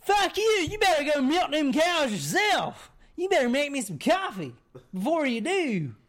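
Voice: medium pitch, big pitch swings, fairly quick. A storyteller voicing a drunken, abusive farmer from the early 1900s, who snarls orders and threats. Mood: scornful.

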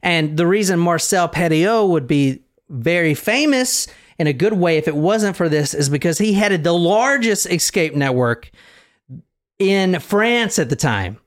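A male podcast host narrates a story in a casual, profane, animated way, laughing often. His voice is a touch higher than most men's. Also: a little slow.

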